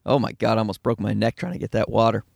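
Man, Newfoundland accent, middle-aged, quick profane rambling, dry close sound. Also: fairly low pitch, steady tone, creaky, a little mellow, no echo. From Newfoundland, Canada. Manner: fast-talking, profane, self-deprecating. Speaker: stand-up comedian, podcast host. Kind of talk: casual rambling monologue. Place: in a car.

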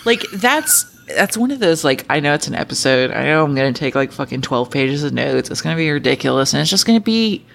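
A woman co-hosting a podcast in casual chat, excitable and sweary, often trailing off mid-thought. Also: deep voice, brisk, creaky, few pauses, a little hiss or hum. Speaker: podcast co-host.

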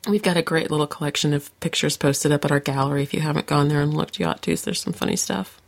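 A woman's voice: deep voice, quick pace. A woman co-hosting a podcast, reading out listener comments in a chatty way, laughing often, her throat sore from coughing. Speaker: podcast co-host. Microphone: home podcast microphone.

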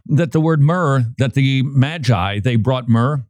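A man hosting a radio talk show, preaching in a lively way and acting out quoted voices, often repeating his words. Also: mid-range voice, slow, dry recording, clean studio sound.

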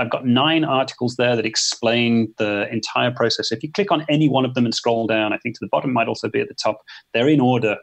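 A man's voice: mid-range voice, vocal fry. A man, a photographer guest talking thoughtfully in a casual interview, with frequent restarts. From England. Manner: thoughtful, hesitant, many restarts.

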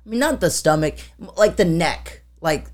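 A woman's voice: lowish voice, animated, normal speed, a little mellow. A woman co-hosting a casual chat, telling a long story with lots of fillers and acted-out sounds. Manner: rambling with many fillers, acts out sounds. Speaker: podcast co-host.

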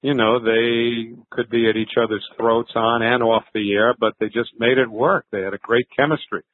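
A man's voice: medium pitch, steady tone, moderate pace, slight background noise. An older man, a veteran sports broadcaster, telling stories in a conversational interview, with fillers and restarts. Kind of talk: reflective interview answers. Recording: thin phone-like line.

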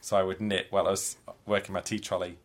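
Animated man guest. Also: sits low, fast talker. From Yorkshire, England. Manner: animated, self-deprecating storyteller. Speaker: guest, performer. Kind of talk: casual interview chat.

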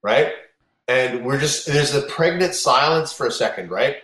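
An animated man with a fairly bright, medium-pitched voice narrates a long road story at a measured pace in casual chat. His telling is rambling and profane, with frequent restarts, and a roomy echo surrounds it.

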